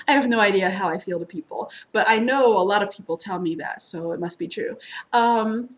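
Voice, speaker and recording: A woman's voice: mid-range voice, a little fast. A woman chatting casually and ramblingly as a twin flame tarot reader, with lots of fillers and frequent laughter. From United States. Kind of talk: casual spiritual reading introduction.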